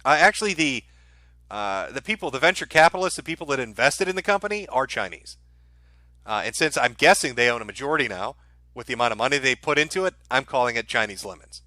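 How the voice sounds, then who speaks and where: A man's voice: medium pitch, lively intonation, fast talker, bright, forceful tone, no echo. A man hosting a livestream and reading viewer donation messages aloud, with a dry, sardonic delivery and the odd chuckle. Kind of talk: casual livestream chat.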